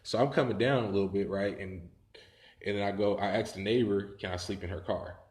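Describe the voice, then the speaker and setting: A man's voice: on the low side, fairly quick, a little mellow, echoey room. A man telling a story in casual, profane talk, rambling and laughing as he goes.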